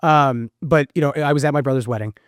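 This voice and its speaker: Fast-talking man, animated and frank. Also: medium pitch, no echo, studio quality. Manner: fast, animated talker with frequent fillers and swearing. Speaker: podcast guest. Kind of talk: casual conversation.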